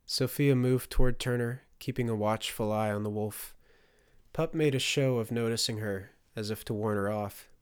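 A man narrating a fantasy audiobook in a steady storytelling delivery. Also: fairly low pitch, normal speed, clear, resonant tone.

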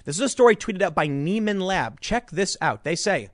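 Sarcastic high-voiced male commentator. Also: lively intonation, a little fast, hardly any pauses, fairly bright tone, no room sound, clean studio sound. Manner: sarcastic, reads articles aloud with asides. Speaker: political commentator. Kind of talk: political commentary vlog.

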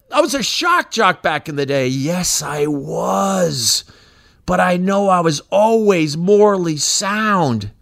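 A man's voice: sits high, lively intonation, takes it slowly, creaky, a bit bright. A middle-aged man hosting his own show, talking in a casual, rambling and profane monologue with emphatic swings. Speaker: podcast host, former shock jock radio host. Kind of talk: casual monologue reading social media posts.

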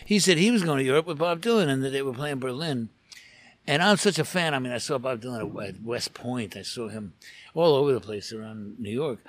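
A man's voice: medium pitch, animated, brisk, no room sound. A man, a photographer, telling a long anecdote in casual conversation, full of restarts and asides. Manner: rambling storyteller with frequent restarts and asides. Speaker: guest photographer.

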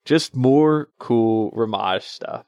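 A man's voice: medium pitch, slow pace, vocal fry, a little mellow, no echo, lo-fi sound. Laid-back man, dry close mic. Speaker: podcast co-host. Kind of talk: casual book club chat.

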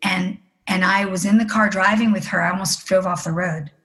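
A woman's voice: mid-range voice, fairly even intonation, a little fast, fairly bright tone, low-quality recording. Earnest middle-aged woman telling a story. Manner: earnest, emotional, acting out the people she quotes. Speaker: interview guest. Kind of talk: personal storytelling in an interview.

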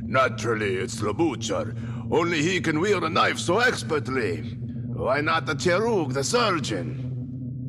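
A man's voice: fairly high pitch, noisy background. A man doing bickering tavern drinkers. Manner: bickering, accusatory. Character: quarrelsome tavern men, suspicious and agitated.

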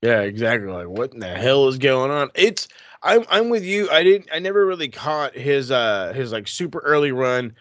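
A man co-hosting a casual wrestling podcast, talking in an animated, profane way that swings into excited outbursts. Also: mid-range voice, normal speed, dry recording. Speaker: podcast co-host.

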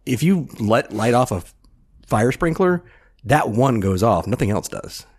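A man's voice: mid-range voice, very animated, a little slow, a little mellow, slightly rough. A man co-hosting a podcast, chatting casually about a movie with short agreeing replies and easy chuckles. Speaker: podcast co-host.

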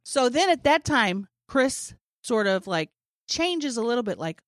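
A woman's voice: fairly high pitch, measured pace, no room sound. Forties woman telling a funny story, does all the voices, laughs a lot, dry close mic. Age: 40s. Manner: animated storyteller, acts out quotes, laughs often. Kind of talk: casual storytelling chat.

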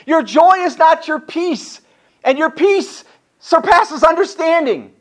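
A man's voice: very high-pitched, expressive, slow pace, a bit bright. A man preaching a sermon as pastor, driving his points home with repeated rhetorical questions and reading scripture aloud between his remarks.

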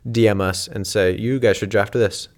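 A man's voice: on the low side, steady tone, normal speed, darkish tone. A man co-hosting a casual comedy podcast, upbeat and steering the conversation. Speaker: podcast co-host.

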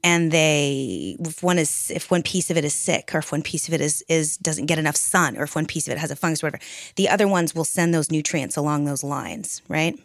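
A woman's voice: deep voice, a little fast, no echo, studio quality. A young adult woman co-hosting a podcast, talking in a reflective, candid way that rambles with restarts. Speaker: podcast co-host. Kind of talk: casual group podcast chat.

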